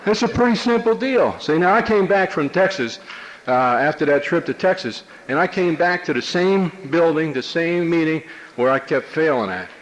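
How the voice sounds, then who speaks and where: A man's voice: on the high side, normal speed, low-quality recording. A man from New Jersey telling his personal recovery story to a meeting, in a wry, streetwise, conversational manner. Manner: streetwise, wry, conversational with many "you know"s. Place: meeting room before an audience.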